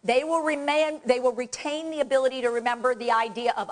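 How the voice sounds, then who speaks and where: A woman's voice: sits high, fairly even intonation, brisk. A woman trainer giving a live workshop on dementia care, talking directly and coaching the audience through hands-on exercises. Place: presentation room.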